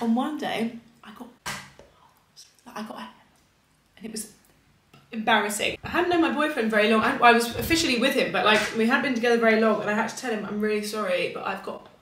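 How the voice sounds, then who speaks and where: A woman in her twenties with a British accent vlogs casually to camera, rambling and self-deprecating. Her voice is a little high and a bit bright, and there's a touch of hiss or hum.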